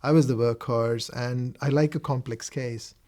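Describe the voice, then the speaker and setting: This interviewee, a middle-aged man from South India with a South Indian accent, has a darkish mid-range voice, fairly even intonation, and a moderate pace. Reflecting on his personal story, he often stalls and begins again.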